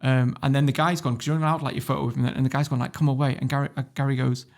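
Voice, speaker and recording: A quick-talking man from northern England with a gravelly, creaky voice. He tells a story as a podcast guest, loose and animated, swearing freely as he goes. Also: medium pitch. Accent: northern English. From Warrington, England. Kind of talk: casual interview storytelling.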